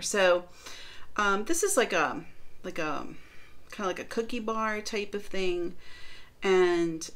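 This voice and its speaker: A woman's voice: on the low side, fairly bright tone. A middle-aged woman from the northern United States, chatting casually through a baking demo and product review with lots of fillers. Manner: chatty, rambling, many fillers. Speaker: baking vlogger.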